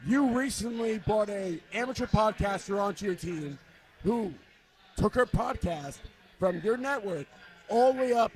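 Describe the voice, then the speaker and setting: A man's voice: high voice, expressive, unhurried. A man co-hosting a live podcast interview, talking in a hyped, emphatic way and repeating lines for punch. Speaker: podcast co-host, sales director. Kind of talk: casual interview talk. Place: live party event.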